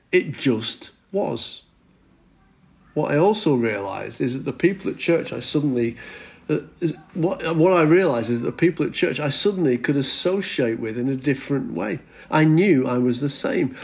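A middle-aged male pastor preaching a sermon in an earnest manner, slowing down to stress scripture. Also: mid-range voice. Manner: earnest, slows down for emphasis when reading scripture.

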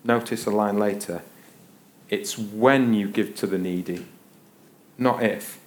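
A man's voice: on the low side, slow. A middle-aged man preaching a sermon, telling a self-mocking story with playful humor before teaching from a Bible passage.

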